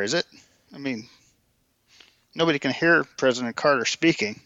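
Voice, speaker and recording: A man's voice: a little high, normal speed, creaky, pushed and bright, dry recording, lo-fi sound. A man co-hosting a political podcast, pressing his point with analogies and rhetorical questions. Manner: insistent, argues through analogies and rhetorical questions. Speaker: podcast co-host. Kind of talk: political debate chat.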